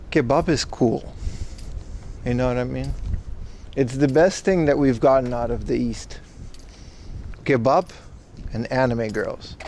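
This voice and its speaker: Strolling down a city street on a casual IRL livestream, a sleep-deprived man reads chat and trades sarcastic jokes with viewers. His mid-range voice has a darkish tone, with slight background noise.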